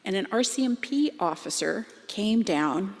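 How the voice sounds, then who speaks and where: A woman's voice: medium pitch, animated, unhurried. A middle-aged Canadian woman giving a sermon in a church, speaking in a chatty, self-deprecating way. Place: church sanctuary. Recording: long hall reverb.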